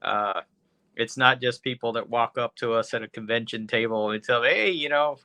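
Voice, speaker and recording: Bright-voiced profane podcast co-host. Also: male voice, medium pitch, level tone, moderate pace, no echo. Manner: loose, profane, hedging with "you know". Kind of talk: casual podcast chat.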